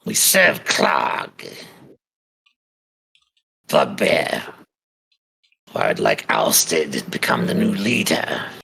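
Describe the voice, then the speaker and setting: Man voicing sly goblin boss, gravelly, breathy, very slow, bright edge, tabletop role-play. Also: rumbling low, huge pitch swings, pitched below the performer's own voice, full character voice. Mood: scheming. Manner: very slow, drawn-out delivery. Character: scheming male goblin boss, ambitious and sly.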